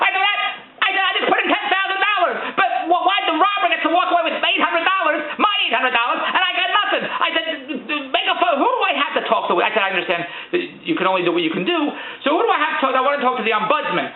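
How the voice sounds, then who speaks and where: A man's voice: very high voice, lively intonation, quick pace, roomy sound, narrow, tinny audio, slight background noise. An older man telling a comic rant about his bank with exasperation, acting out both himself and the bank staff. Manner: exasperated, acts out both sides of the conversation.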